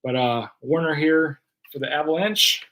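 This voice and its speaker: A man's voice: a little high, normal speed, fairly bright tone. Chatty man calling out trading cards. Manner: chatty, running play-by-play of cards. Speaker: card break host. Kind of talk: casual live-stream commentary.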